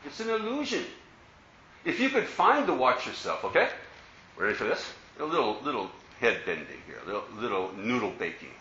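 Animated man giving a dharma talk. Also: medium pitch, a little fast, a little hiss or hum. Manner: playful, asks rhetorical questions. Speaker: Buddhist teacher. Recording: roomy, slightly dull recording.

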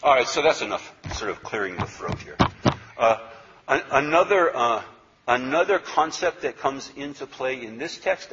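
This yoga philosophy teacher has a mid-range, slightly bright voice, captured in dull audio. Lecturing his class conversationally, he repeats himself and checks in with "okay?" again and again.

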